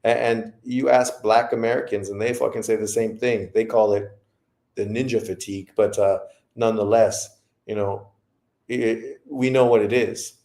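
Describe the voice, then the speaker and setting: A man's voice: on the low side, fairly even intonation, normal speed, dark tone, echoey room. A man hosting a boxing livestream who rants in profane commentary. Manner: profane, ranting. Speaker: boxing show host.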